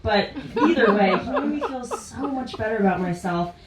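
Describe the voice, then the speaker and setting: A woman's voice: on the high side, expressive, normal speed, very noisy. Laughing woman telling a story live. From Ontario, Canada. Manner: chatty, often laughing through her words. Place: indoor stage at a small live venue. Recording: roomy, distant live-venue sound.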